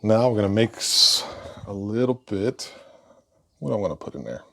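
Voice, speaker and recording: A man giving a casual painting lesson, relaxed and thinking aloud as he works. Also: on the low side, normal speed, creaky. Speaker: painting instructor.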